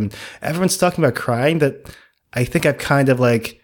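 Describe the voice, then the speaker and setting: A man talking loosely on a podcast, circling his point with fillers and restarts. His voice sits at a middling pitch for a man. The talk is relaxed and offhand. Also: a little fast. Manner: rambling, many likes and restarts. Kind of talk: casual chat.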